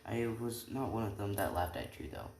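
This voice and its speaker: A man's voice: fairly low pitch, lively intonation, normal speed, vocal fry, darkish tone, roomy sound. A young man casually making up and retelling a fan story, rambling with many restarts and asides. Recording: faint background noise.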